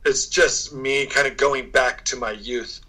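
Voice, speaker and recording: A man's voice: medium pitch, fairly even intonation, a little slow, sharp tone, low-quality recording. An American man, a guest actor, chatting casually in an interview and laughing often. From United States. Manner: laid-back, laughs often.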